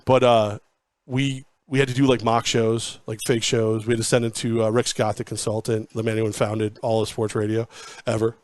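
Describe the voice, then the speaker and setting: A man's voice: lowish voice, little pitch movement, moderate pace. A man in his forties, a former sports radio host, telling rambling anecdotes and acting out quoted dialogue in a casual interview.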